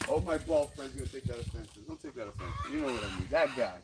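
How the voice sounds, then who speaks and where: Out in a yard gym under trees on rural property, a fitness vlogger talks casually through his boxing session, winded, profane and laughing as he wanders from topic to topic. His mid-range voice swings widely in pitch, runs a little fast and has vocal fry, while roosters and dogs make heavy background noise.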